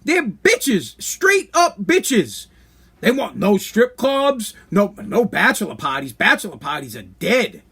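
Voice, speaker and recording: Brash male podcast host, 30s, higher-pitched, blunt comedic rant. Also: huge pitch swings, slow, gravelly, pushed and bright, husky. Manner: brash, blunt, rambling with restarts.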